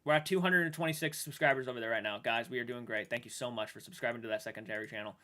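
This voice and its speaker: Man, livestream chat, upset, halting speech, swearing, bright edgy voice. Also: mid-range voice. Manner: emotional, halting, with frequent restarts and swearing. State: shaken and upset. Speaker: streamer.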